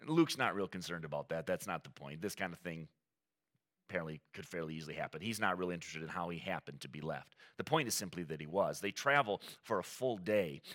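A male preacher with a lowish but bright, forceful voice, delivering a sermon. His pitch swings widely as he acts out quoted lines in a lively, conversational way. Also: fast. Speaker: pastor.

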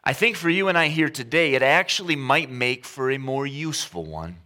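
A male pastor in his thirties praying and then preaching a sermon, telling stories with animated emphasis and repeated phrases. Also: medium pitch, moderate pace.

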